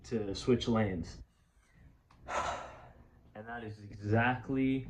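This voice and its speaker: A man's voice: mid-range voice, a little hiss or hum, poor audio. Young man rambling through a crash story. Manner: rambling, profane, laughs often, self-correcting. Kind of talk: casual storytime monologue.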